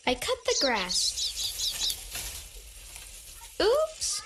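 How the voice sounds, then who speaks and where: A woman reading a children's picture book aloud at a church service, lifting her voice for the child's lines. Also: heavy background noise. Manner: slow, lively storybook reading with high child-like quotes. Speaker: story reader at a church service.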